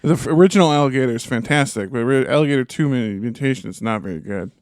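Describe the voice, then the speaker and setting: A man's voice: mid-range voice, quick pace, darkish tone, clean tone, dry recording, clean studio sound. A man co-hosting a casual movie podcast, eagerly sharing film trivia. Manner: enthusiastic film buff trivia. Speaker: podcast co-host. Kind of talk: casual chat.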